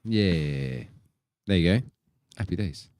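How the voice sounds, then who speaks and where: A man's voice: deep voice, lively intonation, slow, a little mellow, dry recording, studio quality. A man co-hosting a live singing stream, chatting in a playful, teasing way. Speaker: singer and co-host.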